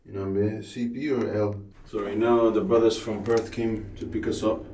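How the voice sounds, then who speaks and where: Man, low flat voice, tired and frank, far from the mic, roomy background noise. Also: normal speed. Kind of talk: casual vlog chat. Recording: distant, roomy and noisy phone-camera audio.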